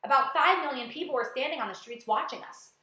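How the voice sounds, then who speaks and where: A woman's voice: sits high, fast, bright, forceful tone. A woman voicing a panicky male fire department head in a storybook, screaming with fright, in an echoey room. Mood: frightened.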